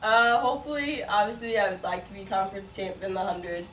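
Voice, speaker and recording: A woman's voice: medium pitch, steady tone, fairly quick, a bit bright. Chatty young woman in an echoey room. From Chicago, raised partly in Las Vegas. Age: 20s. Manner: chatty, many likes and ums, laughs often. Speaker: college sprinter, interview guest. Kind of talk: casual interview answers. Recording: echoey room, mic at a distance, faint noise.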